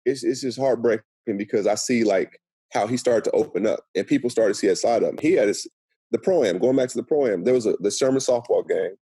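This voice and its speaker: A middle-aged man from Seattle tells stories at a quick clip and acts out the voices of the people in them. His voice is low, dark and a little husky. The sound is close and dry, with no room around it. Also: no echo. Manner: animated storyteller acting out quotes. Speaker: guest. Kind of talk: casual podcast storytelling.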